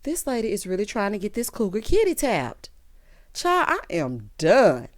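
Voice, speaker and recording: At a normal speed and medium pitch, with huge swings up and down, a TV recap vlogger talks through an episode. She's sassy and theatrical, reenacting characters' lines and calling her audience honey, child and baby.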